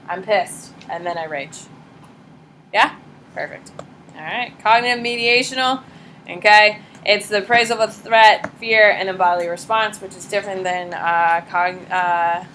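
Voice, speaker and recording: A woman teaching a high school psychology class, blunt and lively, acting out examples in quoted voices. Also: a little hiss or hum. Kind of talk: classroom lecture.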